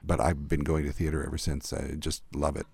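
An older man, an arts critic, recalling theater memories in a thoughtful, animated interview. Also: extremely low pitch, fairly quick, gravelly, husky, no room sound, clean studio sound. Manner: thoughtful, warmly animated storyteller. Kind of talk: reflective storytelling in an interview.

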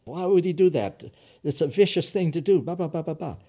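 A man who was once a private investigator, talking as an interview guest in an animated, blunt storytelling manner. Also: on the high side, fairly quick. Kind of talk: casual interview talk.

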